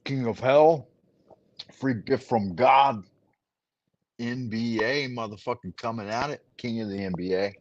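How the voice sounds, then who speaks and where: A man's voice: medium pitch, unhurried, pauses often, a little mellow, no room sound, dull audio. A man hosting a casual chat, giving a profane, rambling pep talk over a remote call. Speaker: host.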